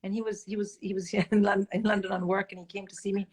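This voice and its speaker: A middle-aged woman from India, telling candid stories as a guest in a casual chat, animated and blunt, swearing freely. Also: medium pitch, fast talker, breathy edge. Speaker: guest comedian.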